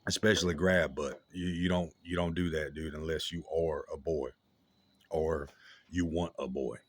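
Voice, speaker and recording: Deep-voiced man telling a slangy story. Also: fairly even intonation, no room sound. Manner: slangy, halting, with many restarts and fillers. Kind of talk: casual storytime vlog.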